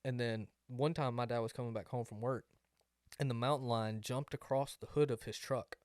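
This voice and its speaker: A man's voice: medium pitch, steady tone, normal speed, darkish tone, no echo, clean studio sound. A young man, co-hosting a podcast and telling a rambling story that leans on "like". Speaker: podcast co-host. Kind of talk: casual chat.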